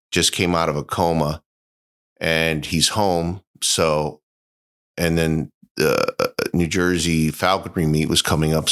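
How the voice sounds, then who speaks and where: A man talking as a guest in a casual chat, halting, with many fillers and restarts. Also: extremely low pitch, fairly bright tone.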